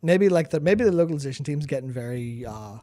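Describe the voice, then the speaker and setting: A man's voice: on the high side, expressive, a little fast, mellow. A man co-hosting a casual gaming chat, rambling, repeating words while he hunts for terms, and swearing casually. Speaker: podcast co-host.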